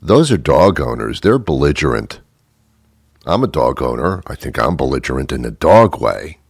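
Man, stand-up comedy, deep voice, lively pitch, character asides. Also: creaky, breathy edge, no echo, clean studio sound. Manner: acts out characters in quick voices, rambling asides.

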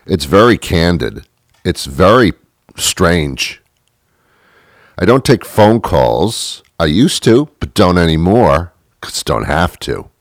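A man with a very deep voice hosts a talk show, rambling through a comedic monologue in a deadpan, self-mocking way. The sound is dry and close to the mic, with no room around it. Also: dry recording.

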